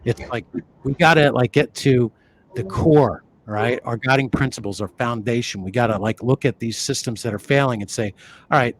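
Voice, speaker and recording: A man's voice: mid-range voice, normal speed, a little hiss or hum. Rambling man talking on a podcast. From New York City area. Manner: animated, rambling, many fillers and restarts. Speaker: podcast co-host. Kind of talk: conversational podcast talk.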